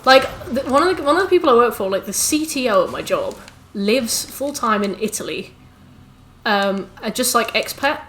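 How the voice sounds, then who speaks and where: While gaming on stream, a young Englishwoman with a fairly high, somewhat bright voice talks expressively to her chat. She's chatty and ranty, swearing and throwing in quick asides to viewers. Slight background noise is audible.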